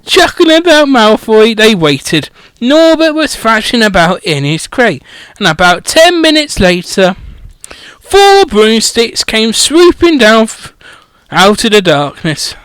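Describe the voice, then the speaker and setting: A man's voice: sits high, big pitch swings, slow pace, fairly bright tone, smooth, no echo. A man reading a comedic parody audiobook through a headset mic, irreverent and swearing, often stumbling over words. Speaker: audiobook reader.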